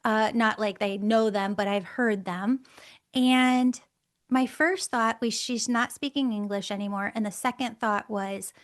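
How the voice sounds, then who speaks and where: A middle-aged woman, a guest on the show, telling a personal story in a lively way, laughing often and acting out the voices she quotes. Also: on the high side, slow. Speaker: guest, angel communicator.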